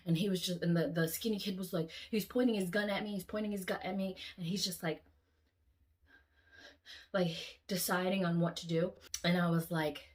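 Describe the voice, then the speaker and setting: A woman vlogger telling a long dream story in an animated, casual way, swearing often and acting out the lines. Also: lowish voice, moderate pace.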